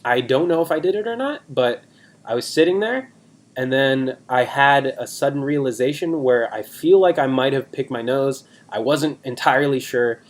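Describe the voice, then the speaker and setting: A man's voice: mid-range voice, normal speed. A young man in his twenties, a podcast co-host, chatting in a rambling, self-deprecating way on a video call. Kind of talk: casual chat.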